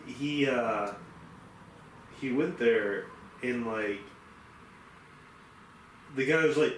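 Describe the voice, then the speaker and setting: A man's voice: mid-range voice, extremely slow. A man co-hosting a casual podcast, telling a story with lots of fillers and restarts. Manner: rambling, many fillers and restarts, acts out quoted people. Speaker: podcast co-host. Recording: roomy, from far off the mic, faint hiss.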